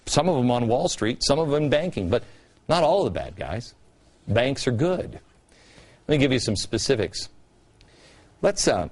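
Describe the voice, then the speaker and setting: A man in his forties delivers a political monologue, his pitch leaping up and down as he tosses out sarcastic rhetorical questions. He sounds like a TV commentary host working through a prepared rant.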